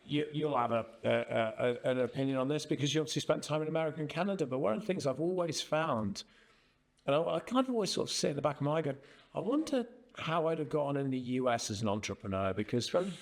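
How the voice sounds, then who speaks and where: A man hosting a casual interview, telling an animated story and acting out the voices in it. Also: a little high, fast, gravelly. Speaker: podcast host.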